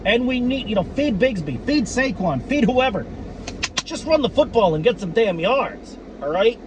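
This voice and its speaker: A man giving profane, worked-up fan commentary on his team, repeating himself and breaking into shouts. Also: very high-pitched, very animated, normal speed, noisy background. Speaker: sports fan vlogger.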